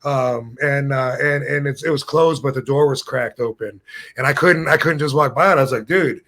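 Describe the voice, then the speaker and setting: This fifty-something podcast host has a mid-range, fairly bright voice and a moderate pace. Casual and wandering, his long story keeps drifting off track, and he laughs at his own tales along the way.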